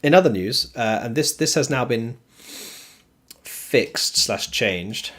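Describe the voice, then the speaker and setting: A man hosting a stream, talking through esports ranking rules in a steady, explanatory way with frequent ums. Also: medium pitch, takes it slowly. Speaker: streamer host. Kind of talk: casual esports commentary.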